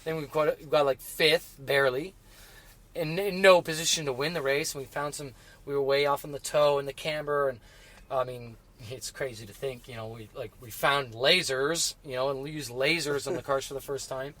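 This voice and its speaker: Middle-aged guy rambling through old racing stories, lots of restarts and you-knows, gets choked up, ordinary pitch. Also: fairly even intonation, a bit bright. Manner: halting, many restarts and fillers, emotional when recalling. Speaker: guest. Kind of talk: casual interview chat.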